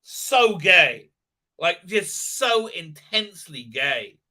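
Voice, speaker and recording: A man's voice: high-pitched, big pitch swings, takes it slowly, bright, forceful tone, rough recording. A man hosting a livestream, ranting crudely and profanely, rambling with constant filler sounds. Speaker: channel host. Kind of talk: livestream commentary rant.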